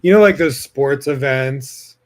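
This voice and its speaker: A man's voice: mid-range voice, measured pace. Guy hosting his own podcast, rambling on with tons of "like" and cursing. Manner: casual, rambling, heavy swearing and filler words. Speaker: podcast host. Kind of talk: solo podcast monologue.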